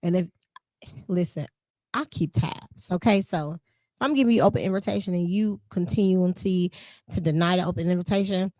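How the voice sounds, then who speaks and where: Animated woman podcast host, dry close sound. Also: on the low side, moderate pace, no room sound. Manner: animated, emphatic, laughs often, speaks in vernacular. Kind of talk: casual conversational chat.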